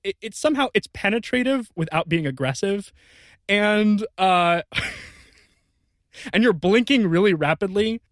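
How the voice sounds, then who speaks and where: A man with a fairly high voice co-hosts an improvised comedy podcast. He spins absurd stories in a dry, deadpan way and breaks into laughter often. The sound is close and dry, with no room around it. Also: a little slow, pauses often, dry recording. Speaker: podcast co-host.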